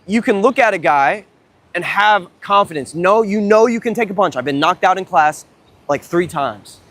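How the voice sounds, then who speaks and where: Excitable, profane young man on a beach. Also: high voice, moderate pace, no room sound. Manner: profane, excitable, rambling storytelling. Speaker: dating coach livestreamer. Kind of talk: casual livestream vlog. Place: outdoors at a beach.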